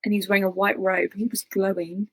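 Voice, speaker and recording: A woman's voice: mid-range voice, little pitch movement, fast, fairly bright tone, no room sound, rough recording. A woman guest telling a personal story in a chatty way, acting out her own past thoughts in quotes. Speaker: interview guest.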